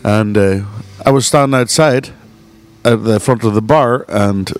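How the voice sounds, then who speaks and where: Profane bar owner. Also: male voice, fairly low pitch, unhurried. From Northern Ireland. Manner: profane storyteller, laughs mid-story. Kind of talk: casual podcast chat.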